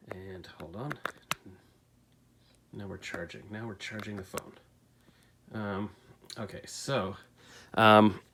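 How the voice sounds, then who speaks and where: Middle-aged guy rambling about his day on his phone at home, lowish voice, kinda self-mocking. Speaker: vlogger. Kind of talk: casual daily recap vlog. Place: bedroom at home. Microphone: phone camera.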